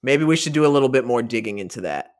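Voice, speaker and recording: A man's voice: medium pitch, lively intonation, fast talker. A young man hosting a casual podcast, steering the talk between topics in a plain way. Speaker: podcast host. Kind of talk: casual chat.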